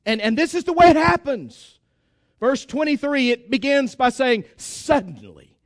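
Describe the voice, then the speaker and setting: High-voiced preacher exhorting his church. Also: lively intonation, moderate pace, no echo, studio quality. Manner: emphatic, exhorting, repeats phrases. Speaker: pastor. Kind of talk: sermon.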